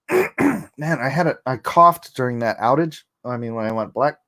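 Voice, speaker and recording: A man hosting a casual livestream, chuckling often and reading chat aloud, a little hoarse after coughing. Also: mid-range voice, very animated, unhurried, bright, forceful tone. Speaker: livestream host.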